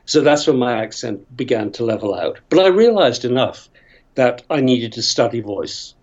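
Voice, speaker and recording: Older Northern Irish actor guest, rambling raconteur, muffled remote audio. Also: male voice, medium pitch, lively intonation, moderate pace, a little mellow. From Northern Ireland. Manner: chatty, rambling storyteller who laughs often. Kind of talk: casual interview storytelling.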